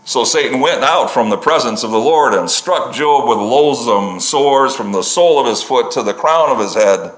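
A man's voice: medium pitch, expressive, normal speed, few pauses, fairly bright tone. A man preaching a sermon, reading scripture at length and breaking off into conversational asides. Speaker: pastor.

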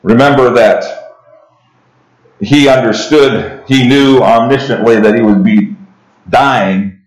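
Speaking slowly in a mid-range voice, a pastor works through scripture in an expository sermon, reading passages and unpacking them in a conversational style. Restarts and asides to the congregation dot his delivery, captured with a roomy echo.

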